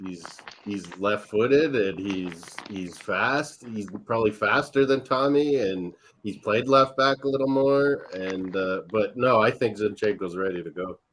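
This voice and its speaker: A man's voice: on the low side, a little slow, few pauses, fairly bright tone, slight background noise, poor audio. A man on a casual football chat panel giving short, matter-of-fact opinions. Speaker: podcast panelist.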